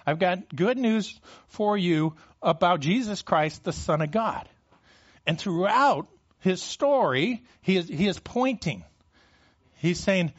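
A man with a high voice preaches to his congregation from the pulpit. He often trips over and repeats his first words, then lifts his voice as he reads scripture aloud. The recording is slightly dull and lo-fi. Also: expressive, slow pace. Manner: repeats words when starting phrases, reads scripture with rising intensity. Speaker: pastor. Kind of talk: sermon.

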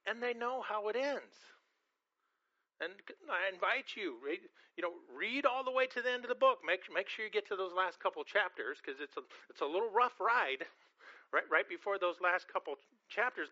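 Pastor, male, very bright tone, storytelling sermon, slightly dull lo-fi recording. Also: high-pitched, animated, moderate pace. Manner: storytelling, repeats words often.

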